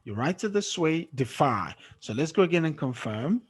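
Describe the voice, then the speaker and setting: A man teaching a classroom lesson, explaining slowly and quizzing his students as he goes. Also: a little high, sing-song, a little mellow, husky. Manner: slow, drawn-out explaining with questions to students. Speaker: English teacher.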